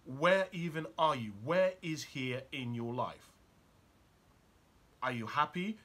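A man's voice: medium pitch, lively intonation, slow pace, a bit bright. A man giving a motivational talk. He speaks urgently and keeps asking the listener probing rhetorical questions.

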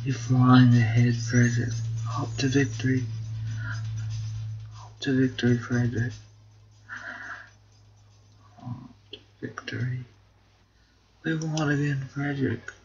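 A man's voice: medium pitch, fairly even intonation, moderate pace, long pauses, darkish tone, dull audio. Man cheering on his game duck. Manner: puts on a mock British accent. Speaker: gamer, video host. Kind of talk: casual gameplay commentary.

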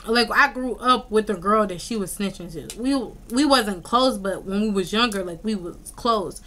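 Animated young woman telling a story. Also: mid-range voice, normal speed. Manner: animated, slangy storytelling full of "like" and "y'all". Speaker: vlogger. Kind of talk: casual storytime vlog.

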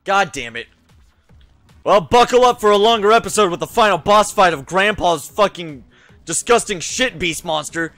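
A man's voice: high-pitched, animated, moderate pace, fairly bright tone, dry recording, faint music behind. Swearing, frustrated young gamer man. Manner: frustrated, swears a lot, muttering to himself. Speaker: gaming YouTuber. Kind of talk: let's play commentary.

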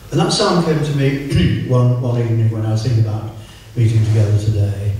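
A man's voice: medium pitch, dark tone, slight background noise. Older man preaching in an echoey hall. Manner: chatty, self-mocking, slows right down for scripture. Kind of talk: informal sermon. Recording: echoey room, voice from far off.

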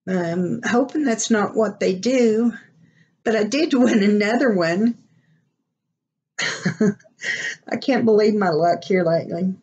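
Woman vlogger with an Oklahoma accent; slow, easygoing, rambling delivery with frequent laughs. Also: mid-range voice, a little mellow, breathy edge, highs cut off. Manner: chatty, rambling, laughs often. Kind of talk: casual unboxing vlog.

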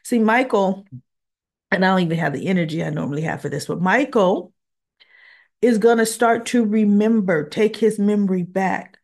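A woman recapping a soap opera episode in a casual monologue, emotional and teary, exasperated and animated as she retells it. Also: medium pitch, moderate pace.

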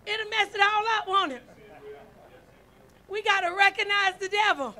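A woman's voice: very high-pitched, moderate pace, sharp tone. A woman preaching a sermon, folksy and storytelling, calling out to her congregation. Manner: folksy, storytelling, calls out to congregation with "y'all" and "right?". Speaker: first lady preacher.

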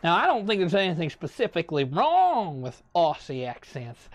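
A man's voice: high voice, huge pitch swings, moderate pace. A man doing a rambling older statesman gamer. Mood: chatty. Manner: rambling, muttering to himself while picking cards. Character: rambling older male statesman, touchy and self-assured. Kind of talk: comedic gaming commentary in character.

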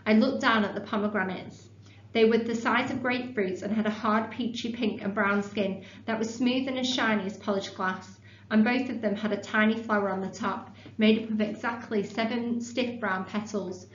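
A woman's voice: medium pitch, normal speed. Teacher lady reading a chapter to the class, echoey classroom, bit muffled, faint hum. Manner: clear, expressive storytelling. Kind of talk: reading a story aloud and teaching.

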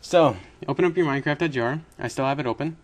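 A man's voice: mid-range voice, racing. Young guy talking through a coding tutorial, rambly, keeps correcting himself. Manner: rambling, self-correcting, chatty with little laughs. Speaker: tutorial host. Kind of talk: casual screen-recorded coding tutorial.

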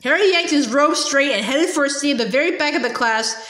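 Woman, amateur read-aloud of a novel; high voice, echoey room. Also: lively intonation, brisk, a bit bright. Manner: unpolished reading with slips and restarts. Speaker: reader. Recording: roomy echo.

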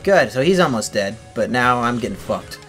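A man's voice: mid-range voice, expressive, normal speed, a bit bright, faint music behind. A man giving let's play commentary on a video game, talking to himself and swearing in frustration. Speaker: gaming streamer.

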